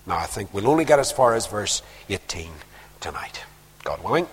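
A man preaching a sermon, reading verses aloud and stopping for quiet, conversational comments. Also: on the low side, sing-song, moderate pace, husky. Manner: reads verses aloud, then drops into quiet conversational asides. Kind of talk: sermon, reading scripture with asides. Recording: long reverb of a large hall.

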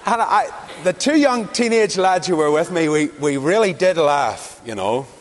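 A man from Northern Ireland, with a Northern Irish accent and a fairly high voice at a moderate pace, preaches a sermon built around stories from his own encounters. His delivery swings animatedly through the anecdotes, and the hall gives the recording a long reverb.

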